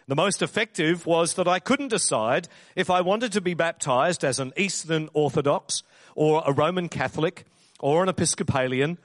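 Man, preacher, somewhat high voice, animated storytelling, dry close sound. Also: dry recording. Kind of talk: sermon storytelling.

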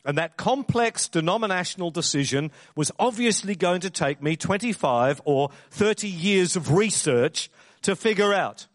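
A man preaching a sermon in a lively storytelling way, acting out the voices in his anecdotes. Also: sits high, normal speed, no echo. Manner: animated storyteller who acts out the voices.

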